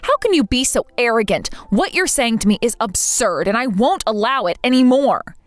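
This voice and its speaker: An exasperated young bride, played by a woman speaks in a high, animated voice. She sounds demanding and indignant. The recording is dry and close-miked. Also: normal speed, no echo, natural voice. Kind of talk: text-message story voice acting.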